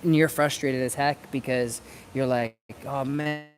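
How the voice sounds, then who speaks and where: Soft music plays behind this man, whose mid-range voice moves at a moderate pace with fairly steady intonation. Standing outside by planters, the dog trainer gives a conversational lesson to camera, repeating himself as he works out his thoughts.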